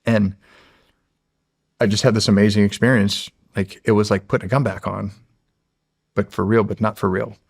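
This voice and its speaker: Middle-aged male interview guest, deepish and gravelly, lively storyteller who restarts his sentences a lot. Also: normal speed, pauses often, dry recording, clean studio sound. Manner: animated storyteller, acts out quotes, frequent restarts. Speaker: podcast guest, former Navy SEAL. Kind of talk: storytelling in a long-form interview.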